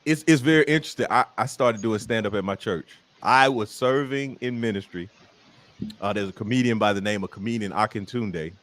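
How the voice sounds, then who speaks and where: A man's voice: lowish voice, a little fast. A man with a Southern American accent, a comedian telling jokey stories as a guest in a casual interview chat. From Southern United States. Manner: animated storyteller, jokey.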